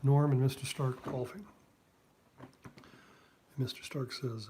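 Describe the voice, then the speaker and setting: Man, cartoonist, casual drawing chat, mellow voice, rambling with fillers, faint background hiss. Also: medium pitch, fairly even intonation, slow pace, pauses often. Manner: rambling, chatty, many fillers and asides.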